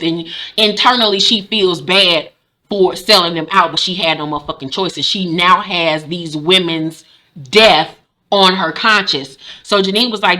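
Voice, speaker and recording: A woman in her forties recapping a TV episode casually, animated and profane, acting out the characters' lines. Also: on the low side. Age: 40s. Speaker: recap host.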